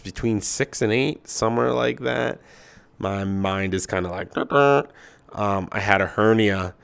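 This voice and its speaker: A man's voice: low voice, a bit bright, clear, resonant tone. A man hosting a podcast, telling loose personal stories in casual chat, swearing often and full of fillers. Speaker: podcast host. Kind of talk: casual rambling storytelling.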